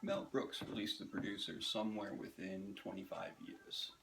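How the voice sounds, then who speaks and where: A man narrating a scripted comedic video essay with dry, sardonic, self-mocking timing and theatrical pauses. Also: low-pitched, little pitch movement, vocal fry, noisy background.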